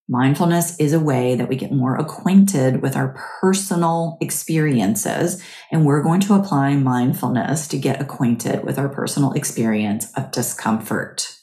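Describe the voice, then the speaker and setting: A woman hosting a podcast, giving a gentle, chatty guided mindfulness talk that keeps asking "right?". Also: extremely low pitch, measured pace, echoey room. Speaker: podcast host.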